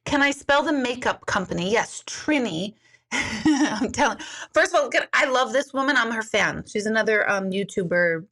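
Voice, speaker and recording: Bright-voiced chatty woman in her forties. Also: expressive, normal speed. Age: 40s. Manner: chatty, candid, rambling with many fillers; jumps high into exaggerated quoted voices. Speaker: intuitive live streamer. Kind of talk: casual live-stream chat.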